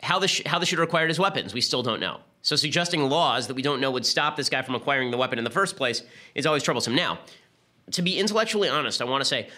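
A man hosting a podcast, delivering an argumentative political commentary monologue with quick restarts. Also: mid-range voice, expressive, sharp tone. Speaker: podcast host.

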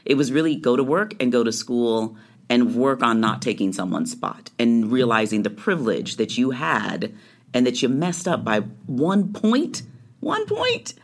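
Animated woman telling her life story. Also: rumbling low, normal speed. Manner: animated storytelling, acting out quoted lines. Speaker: guest. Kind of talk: conversational interview storytelling.

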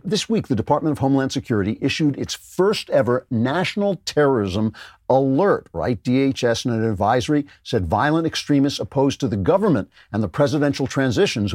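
A man's voice: on the low side, a little mellow, no room sound, clean studio sound. A man hosting a political commentary show, talking in a sardonic, emphatic way. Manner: sardonic, emphatic, reads ad copy with jokey flair. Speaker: host.

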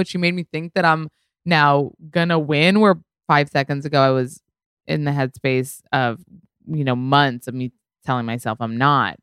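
A woman talks through her podcast in a low, smooth voice, recorded close and dry with no room around it. She rambles in casual chat, leaning on "like" and "you know" and letting a swear word slip now and then. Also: steady tone, normal speed, a bit bright, no room sound. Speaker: podcast host. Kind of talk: casual solo podcast storytelling.

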